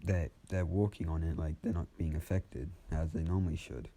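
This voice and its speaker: A man improvising a fan story out loud in a casual, rambling way, with many restarts and some swearing. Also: very deep voice, steady tone, moderate pace, few pauses, slightly rough.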